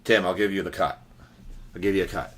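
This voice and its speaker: A man's voice: sits low, fairly even intonation, fairly quick. A man hosting a trading card break livestream, chatting casually and teasing his viewers.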